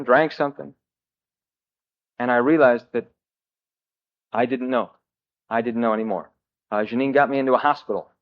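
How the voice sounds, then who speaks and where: A man telling his own recovery story to a meeting, with wry self-mocking humor and halting, filler-heavy delivery. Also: mid-range voice. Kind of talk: personal recovery story told to a group. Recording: dull old cassette tape.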